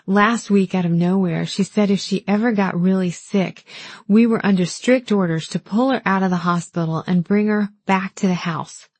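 A woman voicing a grieving, chatty older southern woman in an audiobook, speaking softly and shakily over the phone. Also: medium pitch, normal speed, dry recording, natural voice. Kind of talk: audiobook dialogue.

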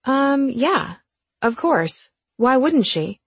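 Brief: a woman playing a nosy, excitable young woman, higher and brighter than her narration, husky voice, dry sound. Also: extremely slow, no room sound, full character voice. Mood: earnest.

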